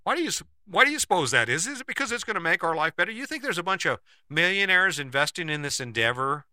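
Man, piercing bright tone, dry close sound, skeptical talker who keeps asking rhetorical questions. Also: sits high, sing-song, quick pace, no echo. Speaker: speaker giving a monologue to camera. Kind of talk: persuasive commentary monologue.

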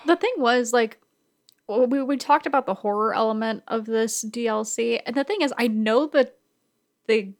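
Gravelly-voiced woman chatting casually. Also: a little high, normal speed. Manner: chatty, filler-heavy. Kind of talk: casual chat.

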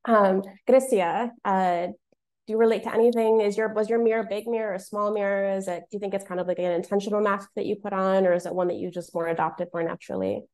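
A woman's voice: mid-range voice, steady tone, fast talker, darkish tone. A woman from the American Midwest hosting a casual panel conversation, talking in a chatty way with lots of fillers and restarts. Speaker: discussion host.

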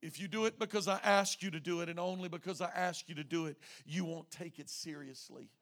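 High, gravelly-voiced man preaching. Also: a little fast. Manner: dramatic preaching that swings from hushed to shouted. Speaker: pastor. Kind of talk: evening sermon.

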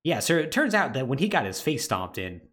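A man's voice: medium pitch, a little fast. Guy on a podcast telling the whole story, laughing a lot, voice jumping all over. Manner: animated storytelling recap with laughter. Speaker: podcast co-host. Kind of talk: casual podcast chat.

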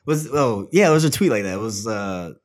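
A man's voice: on the low side, expressive, a little fast. A young man in a casual chat, rambling with lots of fillers and the odd swear word.

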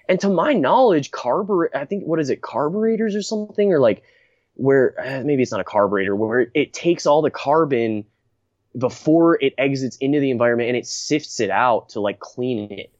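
A man's voice: fairly high pitch, lively intonation, normal speed, darkish tone, dry recording. A young man hosting a casual podcast chat, rambling and blunt, laughing often and restarting his sentences. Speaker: podcast host. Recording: dry, dull lo-fi recording.

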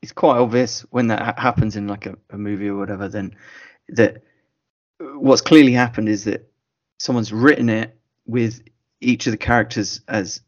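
A man's voice: on the low side, fairly even intonation, normal speed, a little mellow, highs cut off. A man co-hosting a podcast in casual chat, mostly chiming in with short agreements. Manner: brief agreeing interjections. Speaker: podcast co-host.

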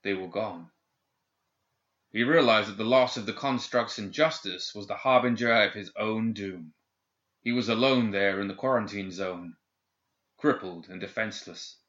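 A man narrating an audiobook in a steady, measured reading. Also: on the low side. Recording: dull lo-fi recording.

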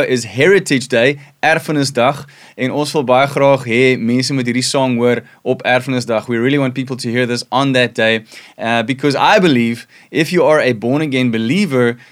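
Upbeat South African man hosting. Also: medium pitch. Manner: upbeat, friendly. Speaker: host of an online church broadcast. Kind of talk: livestream hosting.

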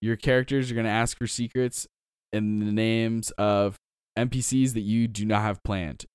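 Casting: male co-host, casual and chatty, giving tips, low smooth voice, dry sound. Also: fairly even intonation, normal speed, darkish tone, dry recording. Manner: chatty, laughs often, advice-giving. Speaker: podcast co-host, game master. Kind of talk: casual podcast chat.

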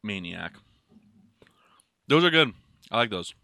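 A man's voice: on the low side, very animated, slow, vocal fry, pushed and bright. A man co-hosting a podcast, chatting casually while tasting snacks, swearing and laughing through joking banter. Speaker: podcast co-host. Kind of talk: casual chat while taste-testing snacks. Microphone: studio microphone.

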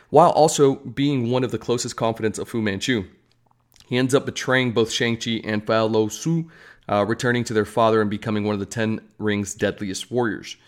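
A man giving casual, rambling commentary on upcoming films as a vlogger, with joking asides. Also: on the low side. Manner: chatty, rambling, self-deprecating asides. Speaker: movie news vlogger.

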